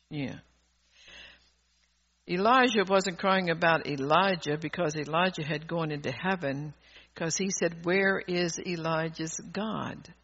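A high-voiced male preacher, slightly rough, delivers a fervent sermon that swings from soft asides to loud exhortation. He rambles, restarting his sentences and laughing. It's a dull lo-fi recording.

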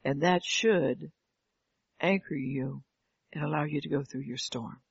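Older woman preacher, fervent sermon delivery, gravelly and husky, heard on a dull lo-fi recording. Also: low-pitched, a little slow, dry recording. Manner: fervent, calls out "Amen" and rhetorical questions. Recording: dull lo-fi, dry sound.

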